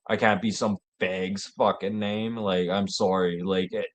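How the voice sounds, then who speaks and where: Low-voiced, swearing man. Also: little pitch movement, measured pace. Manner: profane, joking, rambling. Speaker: show host. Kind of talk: casual rambling monologue.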